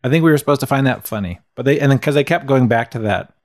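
A man's voice: mid-range voice, animated, fast, no echo, clean studio sound. A man co-hosting a podcast, chatting casually about a film in a laid-back, rambling way. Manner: laid-back, rambling, chuckles at his own jokes. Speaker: podcast co-host. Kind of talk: casual film review chat.

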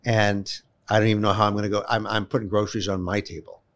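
A man, a guest telling personal stories in an animated, emphatic way, often repeating words as he gets going. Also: fairly low pitch, fast talker. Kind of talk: personal storytelling in a conversation.

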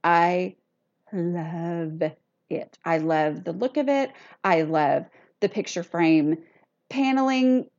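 A woman's voice: on the low side, animated, measured pace, darkish tone. A middle-aged woman, chatting casually and self-deprecatingly as a solo podcast host. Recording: dull lo-fi recording.

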